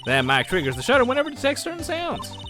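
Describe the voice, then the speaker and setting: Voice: sits high, huge pitch swings, fast, music in the background, voice pushed up. A streamer voicing a brash young woman photographer with a put-on Southern US accent and a folksy, drawling way of talking. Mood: chatty.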